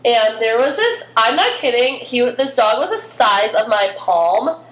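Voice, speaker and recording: A young woman hosting a podcast, telling stories in a chatty, animated way. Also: fairly high pitch, a little slow. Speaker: podcast host. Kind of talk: casual chat. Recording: echoey room.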